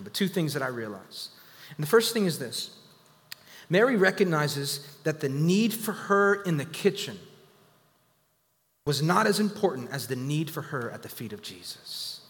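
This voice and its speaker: High-voiced preacher in a reverberant hall. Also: male voice, fairly bright tone. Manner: preaching with sudden rises and drops in volume; acts out whiny quoted voices of people. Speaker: pastor. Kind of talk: sermon.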